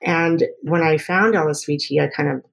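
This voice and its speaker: A woman speech therapist talks through her work in a relaxed interview. She explains with a lot of rhetorical checks, small restarts and light laughs as she thinks aloud. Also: sits low, moderate pace, vocal fry. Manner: explanatory, tags points with "right?". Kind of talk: conversational interview answer.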